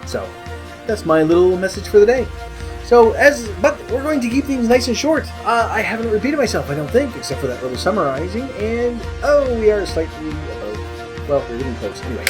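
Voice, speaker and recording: A man's voice: high-pitched, very animated, brisk, over music. A man with a Canadian accent talking casually to the camera in a vlog, rambling with many fillers and corrections. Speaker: vlogger.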